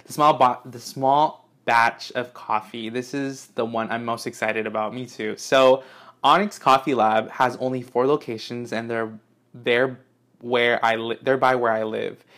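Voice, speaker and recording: A young man unboxing fan mail in an excited, gushing vlog, swearing often and gasping as he reads letters aloud. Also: medium pitch. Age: young adult. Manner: gushing, swears a lot, gasps and squeals.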